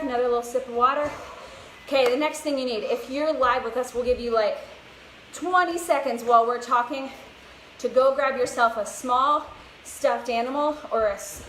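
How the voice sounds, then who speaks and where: A young woman leading a live kids' workout class, encouraging and a little out of breath. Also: a little high. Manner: upbeat coaching, encouraging. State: slightly out of breath. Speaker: fitness instructor. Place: outdoors, open space. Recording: echoey, distant with background noise.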